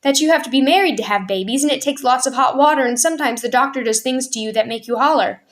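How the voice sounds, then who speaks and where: A group of eager, curious children pestering their parents with questions, as a woman reads them aloud. Their voices ride high and pleading. This is a read-aloud storybook telling. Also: fast talker, close to an everyday voice. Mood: matter-of-fact. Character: curious, eager young siblings of a big family.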